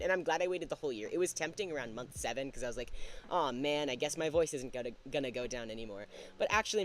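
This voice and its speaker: Chatty man streaming with a higher voice. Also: a little hiss or hum. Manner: chatty, thinks aloud while working, quick to laugh at himself. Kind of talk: casual livestream chat while drawing.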